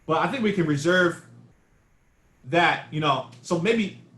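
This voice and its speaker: High-voiced man coaching bass over a call. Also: a little slow, a bit bright. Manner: casual, searching, repeats words while thinking. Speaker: bass teacher. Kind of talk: online masterclass coaching. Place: home room on a video call. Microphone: video call mic. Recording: echoey room over a video call.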